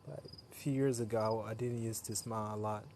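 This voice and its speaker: A man's voice: fairly low pitch, fairly even intonation, fairly quick, a little mellow, slight background noise. A tired young man chatting loosely with viewers on a late-night live stream, laughing often and talking into a phone he holds while outdoors.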